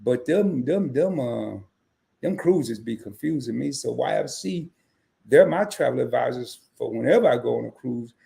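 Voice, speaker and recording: With a gravelly mid-range voice and moderate pace, this livestream host chats casually with viewers on a travel stream. He acts out quoted dialogue with animation and greets people in chat by name.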